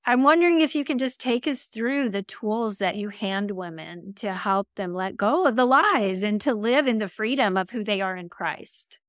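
A woman's voice: mid-range voice, expressive, moderate pace, few pauses, no echo, clean studio sound. A woman in her sixties hosting a faith podcast, effusive and emotional as she shares her own story. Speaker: podcast host.

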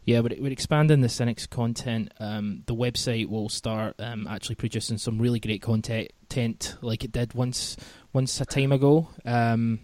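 A man's voice: mid-range voice, steady tone, normal speed, few pauses, a little mellow, dry recording. Male podcast host, chatty and self-deprecating, dry close sound. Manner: chatty, self-deprecating, many ums and restarts. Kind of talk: casual podcast chat.

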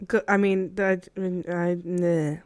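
A woman in her thirties co-hosting a podcast in casual chat, animated and laughing, sometimes stumbling over words. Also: on the low side, a little slow, no room sound. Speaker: podcast co-host.

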